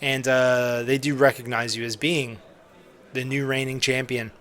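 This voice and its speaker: A man's voice: medium pitch, little pitch movement, a little slow, fairly bright tone. A young man narrating as game master on a live stream, loose and joking with lots of fillers.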